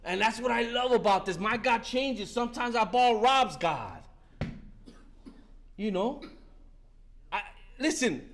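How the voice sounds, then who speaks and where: A man's voice: very high voice, animated, unhurried, pauses often, a bit bright. A man in his fifties giving a fervent, profane share at a recovery meeting, talking street-style and breaking in with "listen" again and again. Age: 50s.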